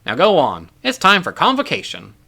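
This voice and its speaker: A man puts on a booming, good-humoured middle-aged professor with a broad Australian accent. The voice climbs high and bright, friendly and a little teasing. It is pitched as a storybook figure. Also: wildly swooping pitch, normal speed, gravelly, breathy edge, full character voice. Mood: hearty. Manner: hearty, friendly, loud.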